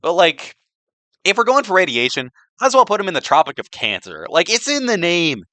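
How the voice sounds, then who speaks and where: Bright, lively young man rambling sarcastically. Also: sits high, fairly quick, no room sound. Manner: filler-heavy, sarcastic, restarts a lot. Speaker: presenter of a joke slideshow. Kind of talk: rambling comedic presentation.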